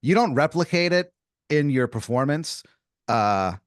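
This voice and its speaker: A man hosting an improvised comedy podcast, laying out a long scenario with halting restarts. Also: on the high side, lively intonation, no echo, clean studio sound. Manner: rambling, hesitant setup full of restarts. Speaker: podcast host.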